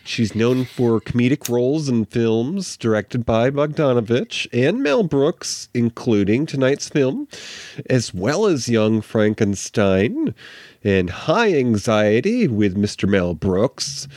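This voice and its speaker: A man co-hosting a casual movie chat show, relaying career facts in a measured way with fillers. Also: medium pitch, sing-song, a little mellow, dry recording, clean studio sound. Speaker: co-host of a movie watch show.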